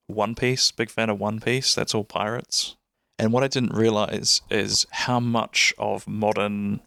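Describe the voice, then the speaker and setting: A man's voice: lowish voice, vocal fry, bright, forceful tone, dry recording. A man with a New Zealand accent hosting a podcast, chatting in a rambling, enthusiastic way with plenty of fillers. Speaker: podcast host. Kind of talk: casual chat.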